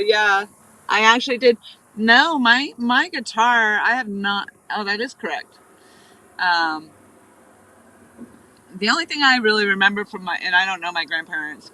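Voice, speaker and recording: Fishing outdoors on a riverbank, a livestream host from New Hampshire chats loosely, telling wandering stories and saying hi to viewers by name. She has a mid-range, sharp-toned voice, and the audio is poor.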